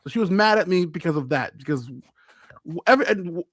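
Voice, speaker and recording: A man, a podcast co-host telling a story in animated, boastful casual chat with acted-out quotes. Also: high-pitched, fairly quick, no echo. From Brooklyn, New York.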